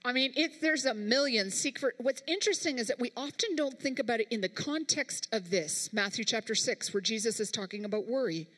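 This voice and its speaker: A woman's voice: a little high, a little fast, hardly any pauses, fairly bright tone, big-room sound. A woman preacher delivering a sermon, talking emphatically and straight to her congregation. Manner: emphatic, speaks directly to the congregation.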